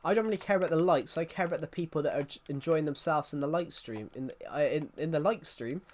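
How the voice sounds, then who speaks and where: A man's voice: fairly high pitch, fast, a little mellow. A man who grew up in the United Kingdom chatting casually on a live stream, rambling and laughing with frequent restarts.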